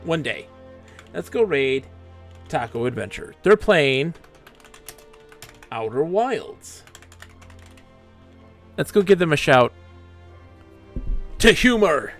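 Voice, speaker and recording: A man's voice: a little high, very animated, slow, long pauses, soft background music. A man streaming a game live, chatting in a goofy, joking, self-mocking way.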